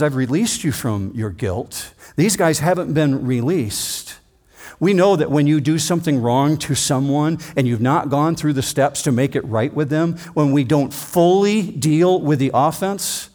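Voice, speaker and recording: A man's voice: a little high, a little mellow. Emphatic male preacher. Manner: emphatic, dramatic readings with slowed stressed phrases. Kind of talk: expository sermon.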